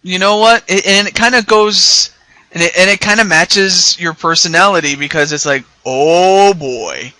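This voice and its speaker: A man's voice: high-pitched, fairly even intonation, moderate pace, bright, forceful tone, no echo. A man hosting a casual online chat, rambling with frequent stammered restarts. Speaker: YouTuber host.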